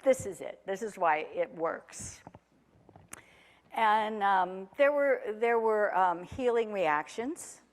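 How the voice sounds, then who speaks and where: A woman's voice: mid-range voice, expressive, takes it slowly, long reverb tail. A woman in her forties, a former chef, telling her own story in a chatty, rambling way with self-deprecating humor. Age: 40s. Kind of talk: casual recounted personal story.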